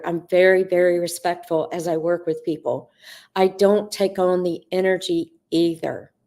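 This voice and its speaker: A middle-aged woman hosting a live Q&A on spiritual coaching, speaking earnestly and addressing viewers by name, with drawn-out, emphatic phrasing. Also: fairly low pitch, dark tone. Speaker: host answering viewer questions.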